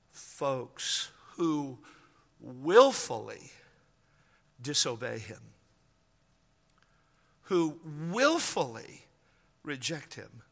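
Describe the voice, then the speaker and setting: A man preaching a sermon, telling a story and acting out the dialogue, his voice swinging from hushed to loud. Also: mid-range voice, in a large hall. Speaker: pastor.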